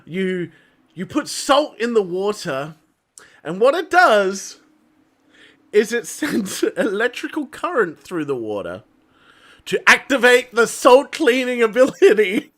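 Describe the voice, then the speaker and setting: A man's voice: sits high, slow. A man, a podcast host telling a story in casual chat and laughing often. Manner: animated storyteller, laughs often, acts out his mum.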